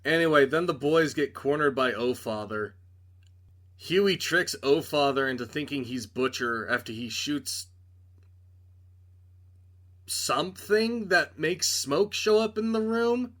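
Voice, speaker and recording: Sarcastic young man with a bright voice. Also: on the high side, expressive, slow pace. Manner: sarcastic, exasperated, dismissive asides. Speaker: TV reviewer. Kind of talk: casual sarcastic review recap.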